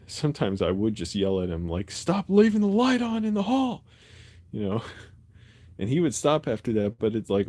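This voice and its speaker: Man, low voice, mellow tone, casual live-stream chat, rambling, lots of fillers, phone mic close up. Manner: rambling, chatty, many fillers and restarts. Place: his bedroom at night. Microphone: phone held close.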